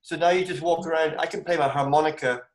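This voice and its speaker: Scottish comedian guest, animated storyteller, fairly high voice, roomy echo on a video call. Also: male voice, quick pace. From Scotland. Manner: animated, bursts into high exclamations. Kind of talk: casual video call chat.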